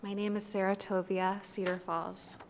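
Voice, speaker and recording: A woman in her thirties reading a prepared statement at a city council meeting. She is emotional and close to tears, and her delivery is shaky and halting at a podium microphone. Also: mid-range voice, flat delivery, slight background noise. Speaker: resident speaking at public comment.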